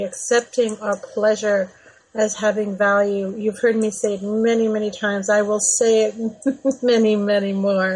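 A woman's voice: medium pitch, a little mellow, breathy edge, poor audio. A woman in her forties hosting a radio talk show, chatty and earnest, laughing often.

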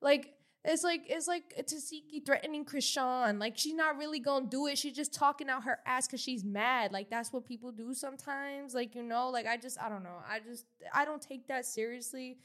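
Blunt rambling woman co-host, fairly high. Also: moderate pace, hardly any pauses, fairly bright tone. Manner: blunt, rambling with many restarts and fillers. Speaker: podcast co-host. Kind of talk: casual opinionated chat.

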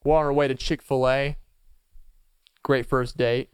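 A man's voice: medium pitch, flat delivery, unhurried, clean tone, dry recording, studio quality. A man hosting a casual solo podcast, rambling playfully and chuckling as he goes. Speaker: podcast host.

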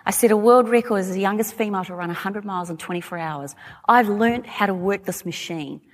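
Australian woman, forties, lively chatty stage talk, long hall reverb. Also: medium pitch, fairly quick. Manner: chatty, animated, laughing asides. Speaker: speaker. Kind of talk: talk to a live audience.

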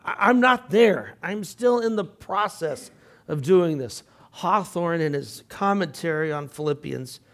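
An older man leads a Bible study in a relaxed, conversational way. His voice sits a bit high for a man, and he often clears his throat and adds asides to the class. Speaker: Bible teacher.

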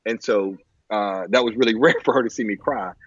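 A man telling a personal story in a halting way, with many fillers and restarts, on a muffled lo-fi recording. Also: lowish voice, a bit bright, husky, no room sound. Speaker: guest. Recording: muffled lo-fi audio.

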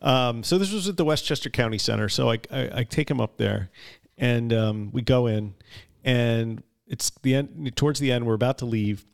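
A man in his fifties co-hosting a podcast, telling a story in a wry, unhurried way in casual chat. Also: mid-range voice, vocal fry. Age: 50s. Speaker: podcast co-host.

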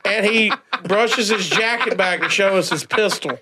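A man's voice: high-pitched, normal speed, a little hiss or hum. A man telling a long funny story on a podcast, acting out the people in it and laughing often. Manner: animated storyteller, acts out the people in his tale, laughs often. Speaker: podcast cast member and storyteller. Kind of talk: casual storytelling chat.

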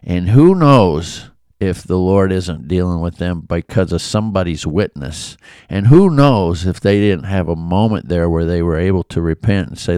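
A man's voice: deep voice, very animated, unhurried, darkish tone, clean tone, dry recording. A man giving an informal, earnest Bible commentary, talking conversationally with asides and restarts. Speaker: Bible devotional host.

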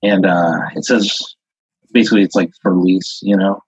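A man with a low, husky voice spins an improvised second-person story, rambling along with plenty of "like" and "uh" fillers. The sound is dull and lo-fi, as from a basic podcast setup. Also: fairly even intonation, normal speed, dry recording. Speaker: podcast host. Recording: dull lo-fi audio.

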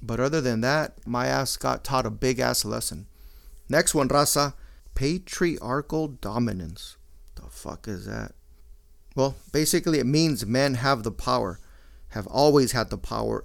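Gravelly man, blunt and profane. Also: medium pitch, normal speed. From Mexican-American. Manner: profane, blunt, mixing Spanish slang into English. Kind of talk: casual monologue.

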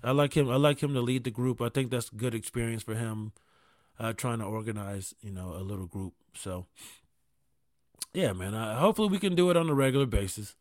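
Profane, animated storytelling man, dry mic. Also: mid-range voice, fairly quick, no echo. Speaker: parent telling stories. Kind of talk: casual comedic monologue.

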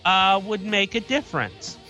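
A man's voice: high voice, sing-song, moderate pace, pushed and bright, highs cut off, soft background music. A man on a podcast earnestly explaining an idea in casual chat.

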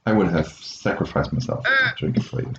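A man with a very deep voice speaks haltingly, repeating words while he hunts for the right one. The sound is roomy and a little dull, with a faint hiss. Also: huge pitch swings, bright, forceful tone. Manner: hesitant, stammering, searching for words. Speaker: co-host tasting an advent calendar. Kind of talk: casual chat.

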